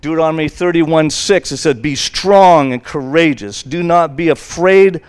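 A man's voice: fairly high pitch, moderate pace, clear, resonant tone. Rambling, conversational male preacher. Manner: rambling and conversational, many fillers, acts out quotes. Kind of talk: informal sermon retelling a Bible story.

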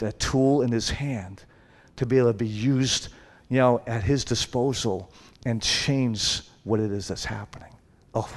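A male preacher speaking in a loose, conversational way, with frequent "it's like" fillers. His voice climbs to loud emphatic bursts and then drops to soft, almost whispered lines. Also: mid-range voice. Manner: conversational, repeats "it's like", swings from loud to hushed. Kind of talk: sermon.

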